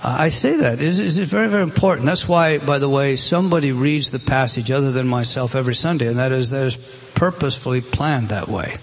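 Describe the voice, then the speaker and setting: A man's voice: mid-range voice, fast talker, slightly rough. A middle-aged man preaching a sermon as pastor, earnest and exhorting, with frequent restarts.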